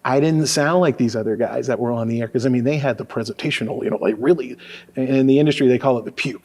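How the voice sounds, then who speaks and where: A man's voice: mid-range voice, fast. Laid-back male radio DJ in his forties from Louisiana, spinning casual stories. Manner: relaxed storyteller, lots of fillers. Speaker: radio DJ, guest. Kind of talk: casual conversational interview.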